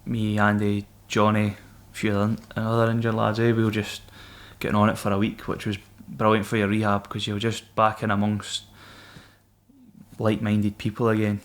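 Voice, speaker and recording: This former Marine, a young Scottish man, guests on a podcast and spins stories full of swearing and banter in relaxed conversation. He speaks at a normal speed in a lowish, monotone voice.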